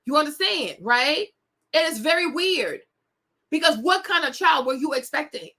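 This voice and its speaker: A young woman hosts a celebrity gossip show, addressing her viewers directly with sassy indignation. Her high, bright voice is animated and forceful, moving at a normal speed in casual gossip commentary.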